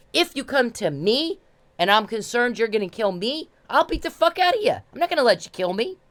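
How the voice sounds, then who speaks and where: A woman's voice: a little high, a bit bright. A woman delivering an angry, confrontational monologue, repeating herself and swearing as she berates the police. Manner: confrontational, repetitive, profane. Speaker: vlogger addressing police.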